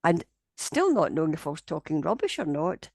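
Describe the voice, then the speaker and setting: A woman's voice: low-pitched, fairly quick, dry recording. A woman, telling a long story in an interview and acting out the people in it. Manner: animated storyteller, voicing the people in her tale. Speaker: interviewee, paranormal investigator.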